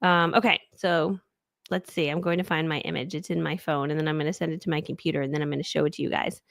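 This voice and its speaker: An energetic woman coaching viewers through a live stream, her voice jumping high with enthusiasm and then dropping low as she mutters to herself while searching her screens. Her voice sits at a middle pitch, and the sound is dry and close. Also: fast talker, gravelly, dry recording. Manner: energetic, chatty, big upbeat swings in pitch; thinks aloud while fumbling with screens. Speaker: online business coach.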